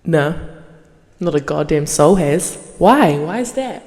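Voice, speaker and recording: A young woman hosting her podcast in a casual monologue, swearing freely and yapping in an animated way. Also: deep voice, in a large hall. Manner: profane, animated, fast yapping. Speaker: podcast host.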